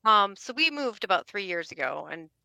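A woman guest answering interview questions in a relaxed, wry, humorous way. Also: medium pitch, normal speed, creaky, no echo. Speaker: bookstore owner, guest.

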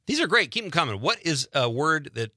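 Lively Wisconsin radio host, bright voice. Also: male voice, a little high, fairly quick, dry recording, studio quality. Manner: animated, jokey storytelling. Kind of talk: casual radio chat.

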